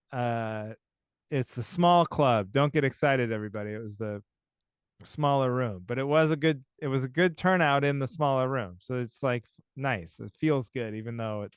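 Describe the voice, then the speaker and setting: A man's voice: mid-range voice, clear, resonant tone, no room sound, clean studio sound. A man co-hosting a podcast, chatting casually in a wry, rambling, self-deprecating way. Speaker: podcast co-host. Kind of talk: casual chat.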